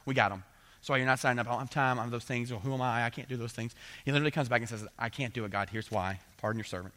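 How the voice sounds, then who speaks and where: A man's voice: mid-range voice, rapid-fire, bright, forceful tone. A middle-aged man giving a conversational sermon, acting out voices and often asking "right?". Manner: conversational preaching, acts out voices, frequent "right?". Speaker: pastor.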